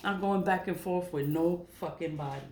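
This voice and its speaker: A middle-aged spiritual vlogger talks casually to her camera in a lowish, slightly mellow voice at a moderate pace. She's blunt, profane, and laughs often, recorded on the camera mic in an echoey room with faint noise.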